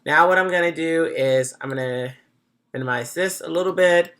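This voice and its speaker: A design instructor with a mid-range voice and moderate pace guides viewers through a software tutorial in a chatty way, thinking aloud and catching their own mistakes.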